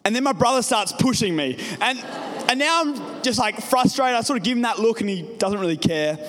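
A man's voice: very high voice, lively intonation, a little fast, a bit bright. A young man preaching a sermon to his congregation, telling a personal story in a casual way. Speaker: pastor. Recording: reverberant hall.

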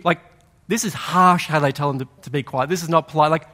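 A man preaching a sermon in a conversational, animated way, acting out quoted voices in a louder tone. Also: a little high, fast. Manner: animated storytelling, acts out quoted voices loudly; conversational, uses "like" often. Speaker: pastor.

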